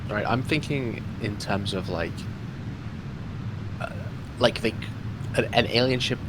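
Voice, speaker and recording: A man's voice: on the low side, measured pace, background noise. A man hosting a casual podcast chat, asking the questions and spinning joking scenarios. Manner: joking, animated storyteller.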